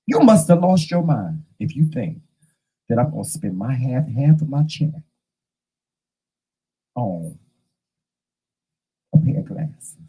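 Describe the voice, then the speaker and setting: A man hosting his own show, telling stories to camera in a casual, animated and profane way. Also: medium pitch, slow pace, long pauses, husky, rough recording. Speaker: host.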